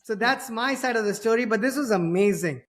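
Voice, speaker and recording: A man's voice: sits high, brisk. A middle-aged man from India with an Indian accent, hosting a podcast in a chatty, self-deprecating way. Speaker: podcast host. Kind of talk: casual conversation.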